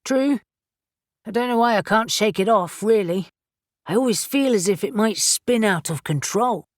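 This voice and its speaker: A woman's voice: mid-range voice, expressive, moderate pace, no room sound, studio quality, lightly acted. A woman voicing an uneasy, suspicious young winged man in an audiobook, speaking warily and bluntly. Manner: wary, blunt.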